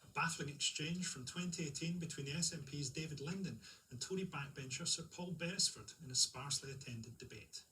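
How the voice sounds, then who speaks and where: A man hosting a comedy show, reading scripted links with dry, deadpan delivery. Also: a little high, a little fast. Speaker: host. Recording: distant mic, faint room noise.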